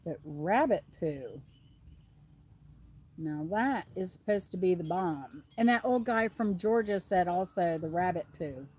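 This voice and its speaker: A woman's voice: on the low side, animated, a little slow, darkish tone, a little hiss or hum. A middle-aged woman with a Southern American accent, chatting casually and rambling on a livestream while outdoors. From Southern United States. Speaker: livestream host.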